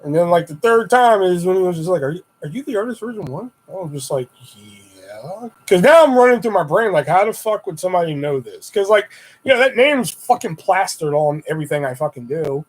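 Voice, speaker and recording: High-voiced man ranting on a livestream. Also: fairly quick, low-quality recording. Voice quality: profane, rambling storyteller. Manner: animated retelling with high-pitched quoted exclamations. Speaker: livestream host. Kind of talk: casual live-stream chat.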